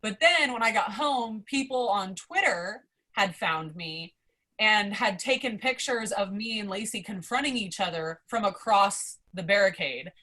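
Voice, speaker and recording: A young adult woman, a podcast guest, telling a story in a casual, excitable way, swearing often and filling her talk with "like". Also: mid-range voice, a little slow. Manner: excitable, profane, heavy use of "like".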